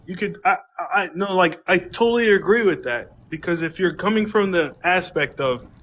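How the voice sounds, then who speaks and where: A man's voice: high voice, normal speed, a bit bright. A man in a heated casual debate, insistent and interrupting, repeating his points. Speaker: host.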